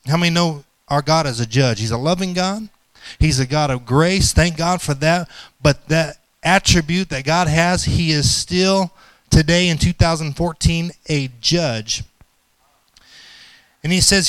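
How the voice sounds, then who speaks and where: A middle-aged man, a pastor with grown-up daughters, preaching a sermon; he tells a joke as a story and then reads scripture, slowing down for emphasis. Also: on the high side, a bit bright, clear, resonant tone, no room sound.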